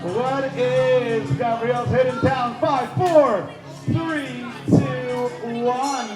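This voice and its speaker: A man hosting a live quiz game at a party, energetic and playful, shouting out countdowns to the crowd. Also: extremely high pitch, drawn-out words. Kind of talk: lively live event hosting. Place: large indoor party hall. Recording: echoey hall with music and crowd.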